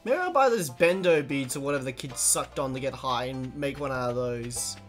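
Brief: lively let's play host, chatty and exclamatory, game music underneath. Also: medium pitch, moderate pace. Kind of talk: casual gameplay commentary.

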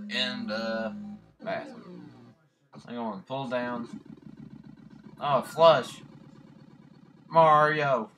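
A man casually commentating his own gameplay, goofy and rambling, cracking jokes and shouting at the screen. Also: mid-range voice, fairly even intonation, drawn-out words, pauses often, music in the background. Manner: goofy, rambling, sings snatches of songs. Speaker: let's play host.

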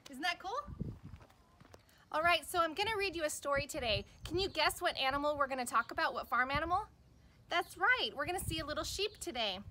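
A woman's voice: sits high, animated, a little fast, bright, forceful tone. A woman preschool teacher giving a children's lesson outdoors at a farm barn, explaining things cheerfully and simply for kids.

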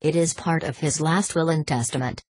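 A pompous old knight on crutches, haughty and sharp-tongued, as a woman reads him in an audiobook. The voice sits low and husky, and the recording is close and dry. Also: moderate pace, no echo. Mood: imperious. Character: pompous scheming older British knight on crutches.

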